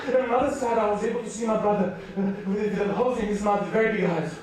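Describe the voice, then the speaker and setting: Man preaching, very high voice, animated storyteller, distant mic in a booming hall. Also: fast, very noisy. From United Kingdom. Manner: animated, acts out voices, laughs often. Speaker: youth preacher. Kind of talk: storytelling sermon. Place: large hall at a school rally.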